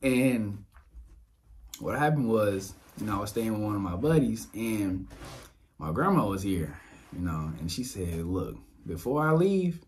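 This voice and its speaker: A young man from Louisiana hosting a podcast, sharing a casual personal testimony, animated and laughing often as he talks straight to his listeners. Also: fairly low pitch, unhurried, long pauses. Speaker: podcast host. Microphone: dynamic mic on boom arm.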